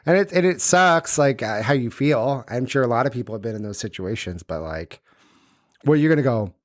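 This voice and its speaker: A man's voice: medium pitch, animated, brisk, no room sound, clean studio sound. A man co-hosting a podcast, chiming in with agreement and crude jokes. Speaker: podcast co-host. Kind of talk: casual chat.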